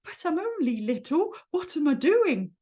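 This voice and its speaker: Lady doing a little worried piglet, small quick fretful voice, storybook style. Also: high-pitched, big pitch swings, dark tone, voice pushed up. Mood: anxious. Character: tiny timid piglet, male, anxious and insecure.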